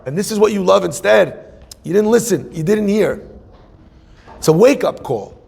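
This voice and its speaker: A man's voice: high voice, animated, moderate pace, creaky, a little mellow, husky. A man in his forties, a rabbi, giving a joking, conversational sermon and asking the audience questions. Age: 40s. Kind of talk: humorous sermon. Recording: long hall reverb.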